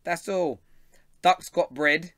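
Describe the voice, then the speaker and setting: A man's voice: on the high side, takes it slowly, pushed and bright, no echo, studio quality. A young man with a London accent hosting a live fan show, chatting, laughing often and reading out viewer comments. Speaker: host.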